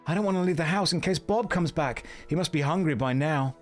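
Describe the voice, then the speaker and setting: A man's voice: a little high, brisk, faint music behind, close to an everyday voice. A man doing a fretful cat owner. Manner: fretful, pleading. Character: worried man who lost his cat.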